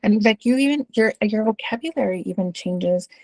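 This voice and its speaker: A middle-aged woman with a Texan accent talks through school stories in an interview. Her voice is warm and gravelly, and she leans on fillers and "right?" tags. The sound is close and dry, with no room echo. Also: mid-range voice, moderate pace. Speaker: school administrator. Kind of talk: interview answer, casual storytelling.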